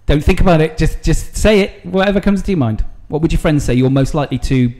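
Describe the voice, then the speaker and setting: A man hosting a casual quick-fire interview, playful and teasing, laughing often. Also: on the high side, lively intonation, a little mellow. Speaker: podcast host.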